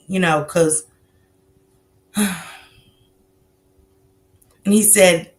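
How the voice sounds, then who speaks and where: Extremely slow and full of vocal fry, this woman's mid-range voice comes with long pauses. She's hosting a casual livestream at her computer mic, greeting chat viewers by name between sentences. The delivery stays loose and conversational, with fillers and asides.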